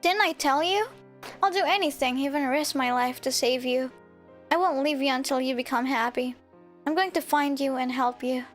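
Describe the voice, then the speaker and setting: A woman's voice: high-pitched, natural voice. A woman voicing an earnest, protective young male protagonist, reading a visual novel aloud with firm, determined promises. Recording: faint game music behind.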